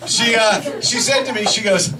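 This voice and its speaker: A man's voice: high-pitched, moderate pace, very noisy. A man performing live stand-up comedy, telling a story animatedly, with frequent restarts. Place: comedy club stage. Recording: distant mic, loud audience laughter.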